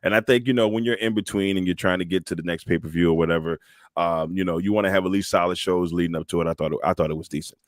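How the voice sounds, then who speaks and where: Animated man retelling wrestling moments. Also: sits low, racing, no echo, studio quality. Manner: animated storyteller, acts out quotes and entrance music. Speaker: podcast co-host. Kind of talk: casual wrestling chat.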